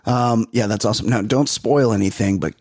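A man's voice: fairly low pitch, a little fast, no room sound, studio quality. A man co-hosting a comedy podcast, telling stories with jokey exaggeration in casual chat. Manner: animated storytelling, jokey exaggeration. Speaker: podcast co-host.

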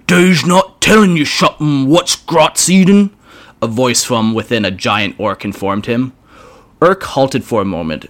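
A man casually reading a fantasy fan story aloud, with wry, joking asides. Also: on the low side. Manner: lively, wry asides with swearing. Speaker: story reader.

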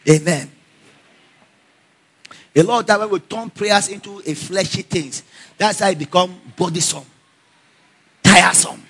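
Husky guy preaching, kinda high voice, laughs a lot while telling stories, call and response with the crowd. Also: measured pace, long pauses. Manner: animated storyteller who laughs often.

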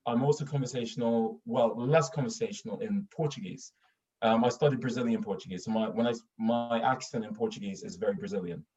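A man's voice: medium pitch, darkish tone. A man from Sweden talking casually in an interview, full of restarts and fillers. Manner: rambling, many restarts and fillers. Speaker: guest actor. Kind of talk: casual interview over video call. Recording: distant, dull lo-fi mic.

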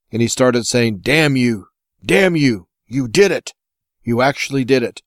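A man's voice: medium pitch, no echo. Man, American, show host, impassioned rant, rhetorical questions, dry close sound. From United States. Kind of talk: opinion monologue.

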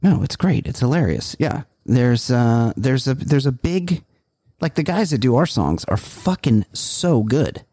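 A man's voice: mid-range voice, sing-song, a little slow, warm tone, husky, dry recording, studio quality. A man hosting a comedy podcast, telling long rambling stories with plenty of swearing. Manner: profane, rambling storyteller. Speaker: podcast host. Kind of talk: casual comedy chat.

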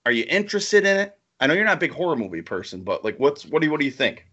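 A man co-hosting a podcast in casual chat, excitable and rambling, laughing often. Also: fairly high pitch, racing, highs cut off. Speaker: podcast co-host.

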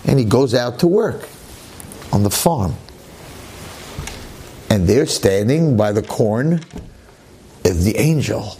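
A man telling a parable like a preacher, dramatic and slowing down for emphasis. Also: medium pitch, lively intonation, mellow, a little hiss or hum. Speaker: storyteller, preacher.

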